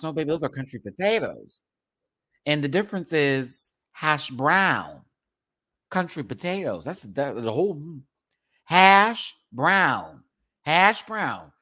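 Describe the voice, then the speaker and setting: A man hosting a casual livestream, talking straight to his chat in a sassy, animated way with big jumps in pitch. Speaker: live stream host.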